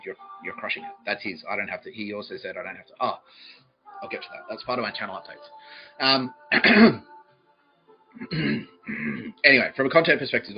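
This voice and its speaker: Male podcast host; profane, rambling comic monologue; slightly muffled recording with faint music. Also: lowish voice. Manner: profane, rambling, laughs mid-sentence.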